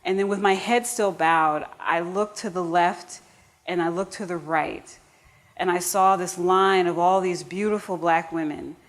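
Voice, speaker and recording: American woman storyteller, lowish voice, earnest with audience asides, live stage. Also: fairly even intonation, a little slow. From United States. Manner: earnest and warm-humored, with frequent restarts and asides to the audience.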